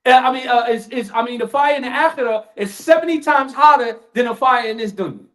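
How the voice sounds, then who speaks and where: A man's voice: very high voice, brisk, a bit bright. A man giving a sermon at a community event, in casual street talk, dramatic and acting out voices. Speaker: lecturer.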